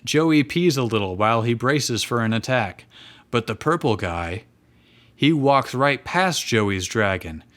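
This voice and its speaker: A man reading fan fiction aloud with dry, deadpan comic timing as co-host of a live show. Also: mid-range voice, unhurried. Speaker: reader and co-host.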